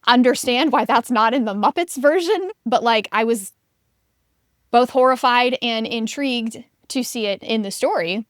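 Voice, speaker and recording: A woman co-hosting a casual book podcast, talking things through in a chatty, reflective way. Her voice is smooth and clear and sits a little high. The sound is dry and close, with no room around it. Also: moderate pace, dry recording. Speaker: podcast co-host.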